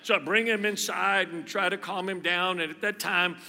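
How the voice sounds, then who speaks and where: A middle-aged man preaching a sermon as pastor, telling stories with lively emphasis and repeating phrases. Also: high-pitched, moderate pace. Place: church hall. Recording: reverberant hall, faint music.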